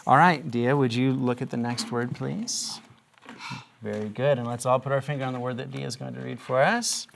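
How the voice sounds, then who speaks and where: A middle-aged woman teaching a reading lesson to young children, patient and encouraging, asking one gentle question after another. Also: extremely low pitch, moderate pace, creaky, slight background noise.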